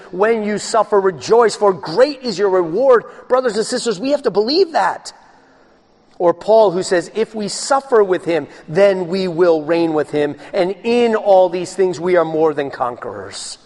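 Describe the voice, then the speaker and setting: A man preaching a sermon as pastor, swinging between loud, raised passages and hushed, low ones.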